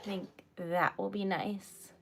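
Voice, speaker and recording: A woman's voice: mid-range voice, flat delivery, slow, a little hiss or hum. A woman hosting a casual craft livestream, chatting and giggling often as she greets viewers. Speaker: livestream host making wax seal stickers.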